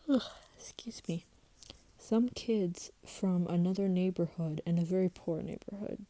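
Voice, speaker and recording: Woman vlogger, heated rambling story, low voice, very mellow dark tone. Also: dry recording, poor audio. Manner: rambling and heated, swearing, with restarts. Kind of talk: casual storytelling vlog.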